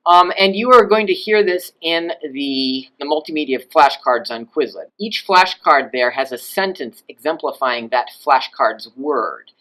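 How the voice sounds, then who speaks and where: A man teaching Latin in a video lesson, explaining grammar and swooping his pitch up and down to demonstrate pronunciation. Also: a little slow, hardly any pauses, pushed and bright, low-quality recording.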